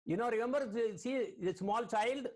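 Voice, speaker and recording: A man's voice: extremely high pitch, normal speed. A man, a spiritual teacher, giving an online sermon over a video call, quoting Sanskrit verses and questioning his listeners.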